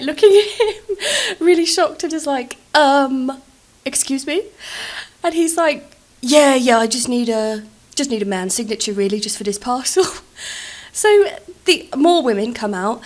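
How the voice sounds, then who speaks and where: Chatty young British woman. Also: on the high side. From Britain. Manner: chatty, rambling, lots of fillers. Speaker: game channel host. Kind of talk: anecdote over a speed build.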